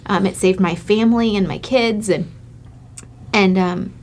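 A woman's voice: mid-range voice, unhurried. A woman from Michigan, co-hosting a casual chat with her husband, telling a personal story in a candid, heartfelt way. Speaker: co-host, host's wife.

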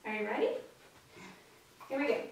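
High-voiced woman, distant and echoey. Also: very animated, normal speed. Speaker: dog trainer. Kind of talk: instructional video talk.

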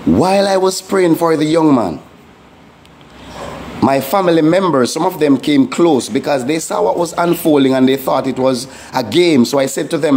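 Earnest higher-voiced male pastor. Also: normal speed, a little mellow, slight background noise. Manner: earnest, emphatic preaching with repeated warnings. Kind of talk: testimony sermon.

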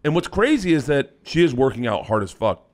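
A man in his forties, a comedian guest on a podcast, telling loud, animated stories and swearing freely in casual chat. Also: medium pitch, fairly quick.

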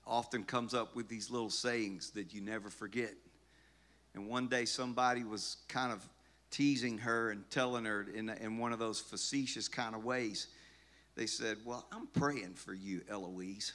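A man's voice: lowish voice, fairly even intonation, unhurried, long pauses, fairly bright tone. A middle-aged male pastor giving a conversational sermon that builds in intensity through repeated phrases.

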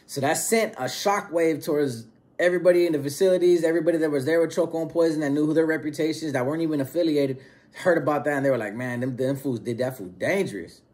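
A man with a slightly higher-pitched voice tells a story in relaxed street slang. He retells it in an animated way and acts out the lines of the other people in it. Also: quick pace. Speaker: storyteller recounting prison experience. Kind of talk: casual storytelling.

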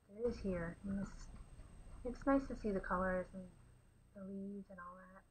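A woman's voice: mid-range voice, moderate pace, slight background noise, poor audio. A young woman and artist hosting her own channel, chatting casually while she paints, often dropping to a near whisper.

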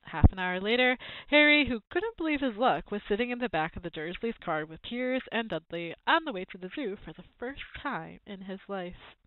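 A woman's voice: mid-range voice, moderate pace, dry recording. Woman reading a children's book aloud over a tinny line. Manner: expressive storytelling. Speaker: reader.

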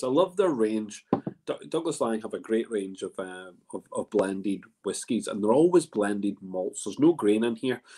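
A man's voice: lowish voice, a little mellow, husky. A man hosting a whisky tasting in a casual, rambling way, full of restarts and fillers. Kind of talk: casual spoken presentation.

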